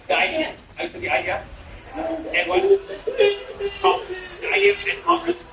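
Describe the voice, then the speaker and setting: Streamer, male, high lively voice; cursing, rambling incredulous chatter, off-mic in an echoey room with music playing. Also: brisk, vocal fry, far from the mic. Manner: profane, rambling, incredulous banter. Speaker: streamer and stand-up comedian. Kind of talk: casual gameplay chat with viewers.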